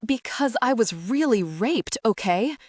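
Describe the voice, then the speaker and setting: A woman's voice: fairly high pitch, animated, a little slow, no echo, clean studio sound, voice pushed up. A woman reading the lines of an anguished young man confessing old trauma, in a strained, choked voice. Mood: broken. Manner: strained, choked, hissing delivery. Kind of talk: audiobook character reading.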